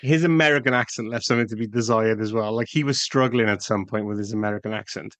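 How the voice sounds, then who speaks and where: A man's voice: on the low side, quick pace, fairly bright tone, no echo. A man co-hosting a podcast, chatting casually about an old film with wry, sweary jokes. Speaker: podcast co-host.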